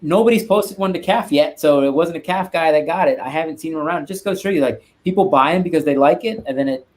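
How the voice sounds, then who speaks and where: A man's voice: a little high, fast, darkish tone. A man, a guest art collector, chatting casually on a live stream and rambling with restarts and asides.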